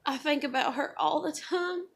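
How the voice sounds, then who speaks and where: High-voiced woman confiding emotionally. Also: normal speed. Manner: emotional, rambling, many fillers. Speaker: vlogger. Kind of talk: confessional vlog monologue.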